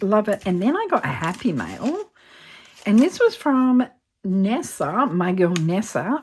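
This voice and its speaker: A woman's voice: mid-range voice, darkish tone, a little hiss or hum. A woman with an Australian accent chatting casually in a vlog as she opens mail, gushing and easily moved. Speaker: budgeting channel host. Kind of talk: casual vlog chat while opening mail.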